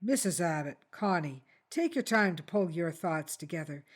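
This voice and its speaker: A woman reading as a calm male detective. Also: on the low side. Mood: patient. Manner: polite, measured questioning.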